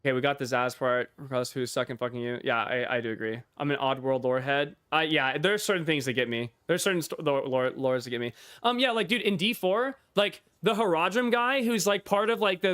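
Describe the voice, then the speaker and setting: A man's voice: on the high side, fairly quick, few pauses, a bit bright, smooth, no echo. Profane streamer guy, dry close mic. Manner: profane, rambling, laughs often. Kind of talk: casual livestream chat.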